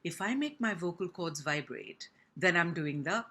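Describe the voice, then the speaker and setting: A woman speech teacher from India giving a pronunciation lesson, speaking slowly and deliberately and demonstrating each sound with exaggerated articulation. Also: fairly low pitch, animated, bright, forceful tone.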